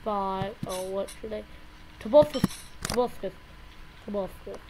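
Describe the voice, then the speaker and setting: A woman casually rambling through gameplay commentary, yelping and shouting whenever she loses. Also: mid-range voice, fairly even intonation, slow. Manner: rambling, yelps and shouts at game deaths. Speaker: gameplay video host. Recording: loud background noise.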